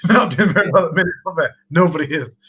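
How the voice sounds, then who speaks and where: Poor audio captures a husky, fairly bright voice on the high side, talking very fast. It belongs to a man from Sheffield, England, with a Yorkshire accent, who hosts a casual livestream chat, chatty and rambling, laughing often.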